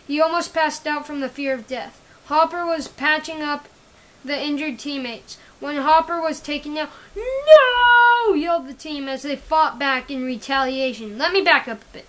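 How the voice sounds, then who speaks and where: A woman's voice: sits high, fairly even intonation, a bit bright, rough recording. A woman reading her own action story aloud, stumbling and correcting herself often. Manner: halting, often restarting and correcting words. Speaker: story reader.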